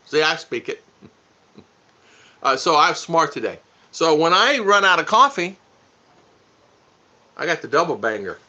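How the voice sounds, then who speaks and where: Speaking a little slowly with long pauses, a man co-hosts a casual live stream, joking around with his wife and welcoming viewers by name. His voice is slightly high, sing-song and sharp, recorded with dull lo-fi sound.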